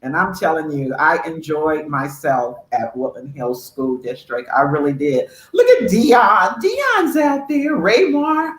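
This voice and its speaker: An older woman co-hosting a casual chat, speaking with lively encouragement about former students. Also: sits low, unhurried, hardly any pauses. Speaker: co-host, former school staff. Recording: echoey room with faint noise.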